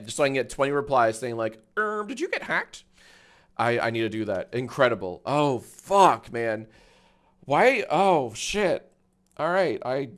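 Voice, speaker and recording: A man in his thirties chatting casually on a live stream, swearing freely and breaking into high laughter.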